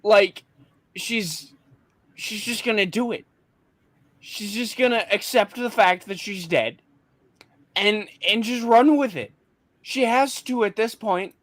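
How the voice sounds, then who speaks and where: A man's voice: high voice, takes it slowly, pauses often, a bit bright, no echo. Eager man with a dry close voice. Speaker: podcast co-host. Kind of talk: casual chat.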